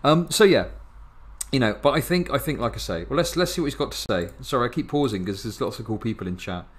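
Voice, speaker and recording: A man's voice: mid-range voice, animated, fast. A man live-streaming a reaction video, chatting casually to his viewers, rambling and restarting his sentences. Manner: rambling, restarts often, laughs a lot.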